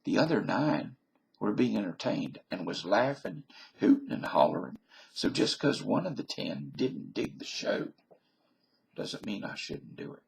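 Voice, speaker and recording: Gravelly man with a Southern drawl. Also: on the low side, big pitch swings, measured pace, a little mellow. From Canada. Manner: folksy, self-mocking, meandering. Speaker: vlogger. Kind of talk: rambling casual monologue.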